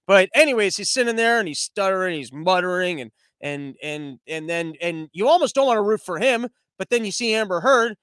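A sarcastic male podcast host with a high voice runs through his list of topics in a loose comedic monologue. He wanders into tangents and mocks his subjects. The sound is dry and close on the mic. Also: expressive, a little fast, few pauses, a bit bright, clear, resonant tone, dry recording. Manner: sarcastic, rambling, tangent-prone.

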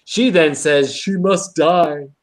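A man's voice: on the high side, slow. A man co-hosting a podcast, casually recapping an episode and acting out quoted lines. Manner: animated retelling with quoted lines. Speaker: podcast co-host.

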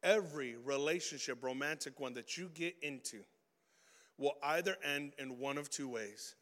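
Animated young male youth preacher. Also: fairly high pitch, normal speed, in a large hall. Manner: animated, slangy, swings from loud stories to hushed points. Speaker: youth pastor. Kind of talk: energetic youth sermon with storytelling.

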